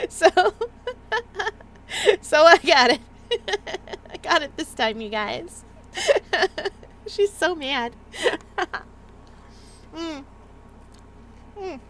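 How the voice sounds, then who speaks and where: Woman game streamer, high lively voice, laughs a lot, bright tone. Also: drawn-out words, long pauses. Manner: giggly, animated. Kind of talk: casual gaming commentary.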